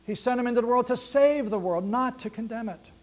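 High-voiced man preaching earnestly. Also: brisk, darkish tone. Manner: earnest, emphatic preaching with repeated phrases. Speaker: pastor. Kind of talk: scripture reading and sermon.

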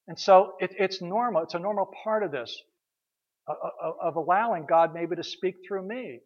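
A man's voice: high voice, animated, normal speed, highs cut off. A man preaching a conversational sermon as pastor, telling stories, repeating his words and asking rhetorical questions.

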